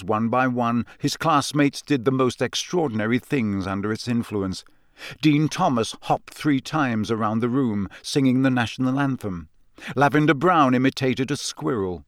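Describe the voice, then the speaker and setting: A man reading an audiobook in steady, even scripted narration. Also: medium pitch, no echo, studio quality.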